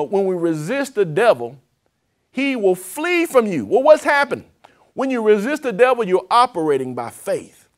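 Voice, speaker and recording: Man, apostle hosting a TV sermon, higher-pitched voice, preacherly, swells and drops. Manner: preacherly, swells louder then drops low. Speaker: apostle and TV program host. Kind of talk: televised sermon with prayer.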